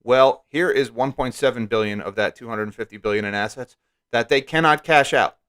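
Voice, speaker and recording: A man's voice: medium pitch, moderate pace, fairly bright tone. A man from rural Pennsylvania hosting a casual market commentary live stream, chatty, reading headlines aloud and often asking "right?". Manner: reads news headlines aloud.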